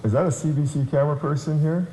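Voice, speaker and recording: A man's voice: fairly high pitch, steady tone, quick pace, warm tone, slight background noise. A man acting as emcee at a conference, introducing the keynote speaker and teasing the audience. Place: conference hall. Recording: roomy conference hall.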